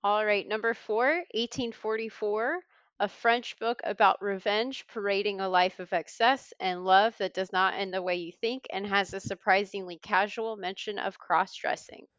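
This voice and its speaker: Lady quizmaster reading clues, brisk and wry, smooth voice, kinda muffled lo-fi audio. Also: mid-range voice, steady tone, fairly bright tone, dry recording. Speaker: quiz host. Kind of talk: reading trivia clues on a podcast. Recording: slightly dull lo-fi sound.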